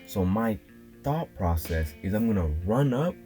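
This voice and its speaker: A young man with a deep, low voice tells a childhood story in a slangy, laid-back way, dropping fillers as he goes. Clear guitar music plays underneath him throughout. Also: a little slow. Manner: slangy, animated retelling with fillers. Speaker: vlogger. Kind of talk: casual storytelling.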